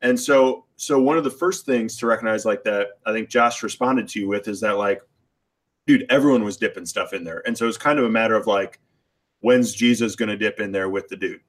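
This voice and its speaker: A man's voice: on the low side, a little fast. A man in a casual theology chat, explaining points and thinking aloud with frequent hedges. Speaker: podcast co-host.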